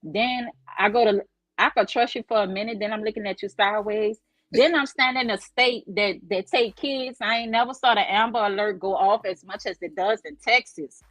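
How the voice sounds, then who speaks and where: A woman's voice: mid-range voice, normal speed, fairly bright tone, no echo. A woman guest from New Orleans with a New Orleans accent, telling stories in a casual chat and laughing often. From New Orleans, USA. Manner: conversational storytelling, laughs often.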